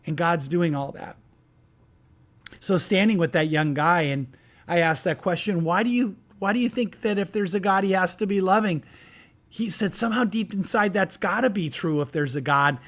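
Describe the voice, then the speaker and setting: A male pastor, preaching a conversational storytelling sermon and lifting his voice when quoting people. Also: normal speed. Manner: conversational, animated, raises pitch for quoted characters.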